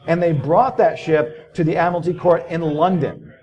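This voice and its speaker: Guy at a conference telling stories, kinda high voice, lots of uhs and swearing. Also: moderate pace, a little mellow. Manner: storytelling, loose and profane, many fillers. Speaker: conference speaker. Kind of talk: casual conference talk. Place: conference hall.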